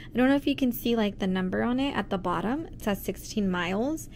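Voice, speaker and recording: A woman's voice: medium pitch, animated, a little fast, a little mellow, slight background noise. A woman vlogging casually outdoors on a city street at night, tired and rambling, with lots of fillers. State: tired, sore feet. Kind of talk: casual travel vlog.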